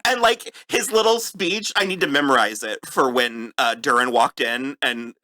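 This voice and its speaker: A man co-hosts a casual review podcast, his pitch swinging widely and his tone bright and forward. He talks in halting bursts and breaks into laughter often. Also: expressive. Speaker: podcast co-host.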